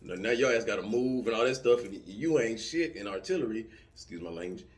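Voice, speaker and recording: Animated man telling army stories. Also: on the low side, a little fast. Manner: animated storytelling with profanity, acting out yelling soldiers. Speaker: vlogger answering subscriber comments. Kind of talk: casual chat.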